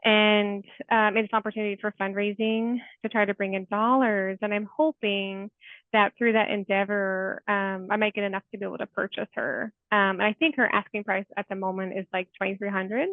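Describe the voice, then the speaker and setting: Over thin, phone-like remote call audio, a female therapist in her forties shares stories as an interview guest, sincere and heartfelt, dropping "like" again and again. Her mid-range voice is flat and a little fast, with no room sound.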